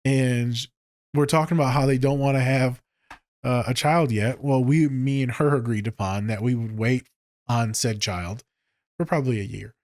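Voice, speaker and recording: A man with a mid-pitched voice hosts a casual podcast as a therapist. He tells stories loosely and profanely, dropping low for asides and jumping high when he exclaims. The sound is dry, with no room echo. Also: normal speed. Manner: profane, joking, with frequent swearing; animated, jumps between low mutters and high exclaims.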